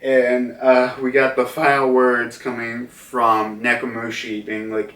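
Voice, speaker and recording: A man's voice: mid-range voice, completely flat delivery, measured pace, few pauses, a bit bright. A man giving a casual manga chapter review, rambling with lots of fillers. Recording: roomy echo, distant mic.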